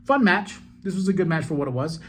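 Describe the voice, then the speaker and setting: Excitable podcast host recapping wrestling. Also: male voice, a little high, slight background noise. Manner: excitable, swearing, quick asides and laughs. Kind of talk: solo wrestling show recap.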